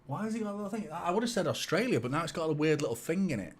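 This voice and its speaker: His fairly high, sing-song voice is husky and races along. This young fan-channel host chats loosely with viewers during a live-stream watchalong, cursing a lot and teasing himself.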